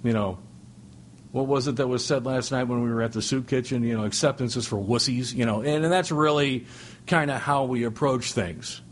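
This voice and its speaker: Addressing a recovery meeting audience, a middle-aged man shares humorous stories at normal speed, joking and animated with sudden high-pitched, excited exclamations. A slight hiss or hum sits under the audio.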